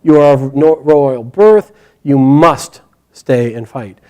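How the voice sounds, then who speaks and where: A man voicing a calm, commanding warrior hero in a told story, speaking firmly. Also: medium pitch, slow, lo-fi sound, close to an everyday voice.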